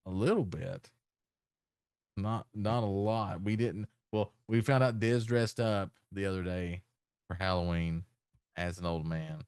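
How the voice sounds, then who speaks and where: A man's voice: unhurried, a little mellow, clear, resonant tone, no echo, clean studio sound. A man co-hosting a casual comedic chat show, teasing his friends and laughing often. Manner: joking, teasing, laughs often, voice jumps high when amused. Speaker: podcast co-host.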